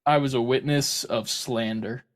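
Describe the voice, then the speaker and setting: Man, podcast co-host, casual chat, jokey, rambling, mid pitch. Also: steady tone, unhurried. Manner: joking, rambling storyteller.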